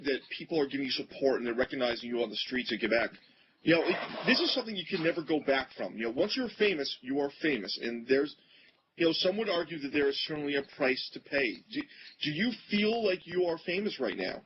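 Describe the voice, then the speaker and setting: A man's voice: a little high, sing-song, a little fast. A man hosting a casual group interview, teasing his guests and cracking jokes. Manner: joking, teasing. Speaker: interview host. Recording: muffled, with background noise.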